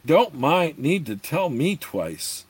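A man's voice: a little high, very animated, slow pace, husky, dry recording, voice pushed up, full character voice. A man reading as a sarcastic brash barbarian. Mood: mocking. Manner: sarcastic and blunt. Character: brash, joking young male barbarian.

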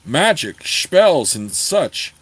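A man voicing a greedy old dwarf weaponsmith who talks slowly in a thick accent with broken grammar, matter-of-fact and a bit cross. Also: mid-range voice, big pitch swings, dry recording. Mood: gruff.

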